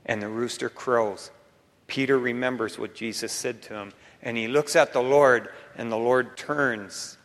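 A man preaching a sermon in a casual, slangy way, swinging from loud emphasis down to near-whispers. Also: mid-range voice, animated, unhurried. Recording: long reverb of a large hall.

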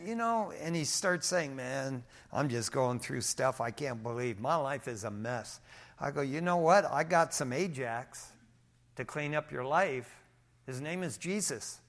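A man preaching from the pulpit, his voice sitting a little high. He drops to near hushed lines and then climbs to loud, emphatic ones, and he slips into casual storytelling with a touch of humor. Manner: preaching with big swings in volume, from hushed to emphatic; telling everyday stories with light humor. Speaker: pastor. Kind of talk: sermon.

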